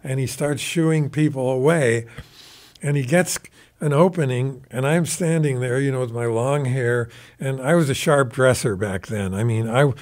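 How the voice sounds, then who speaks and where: Older male guest, unhurried raconteur. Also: medium pitch. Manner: rambling anecdotal, mimics quoted voices. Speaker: guest musician. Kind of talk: casual storytelling.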